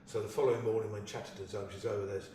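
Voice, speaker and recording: A man's voice: on the low side, rapid-fire, slight background noise. Older man spinning a yarn, roomy echo. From London, England. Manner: lively raconteur, acts out the people he quotes. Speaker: actor recalling a film shoot. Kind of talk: anecdotal storytelling. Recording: echoey room, distant mic, faint ambience.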